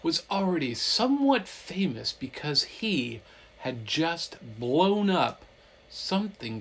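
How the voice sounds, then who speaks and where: Slow, animated, goofy man storyteller. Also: a little high, breathy edge, poor audio. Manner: playful, animated, lots of silly voices.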